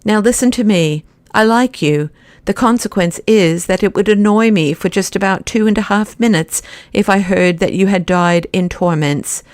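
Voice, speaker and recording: A woman reading the part of a huge, commanding male anarchist president, brisk and mockingly courteous. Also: mid-range voice, dry recording, natural voice.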